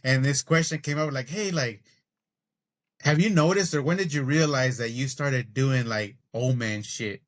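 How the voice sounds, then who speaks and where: Brief: middle-aged guy, slightly raised pitch, ranting profanely in casual chat. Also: normal speed. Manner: animated, profane ranting storyteller. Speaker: podcast co-host.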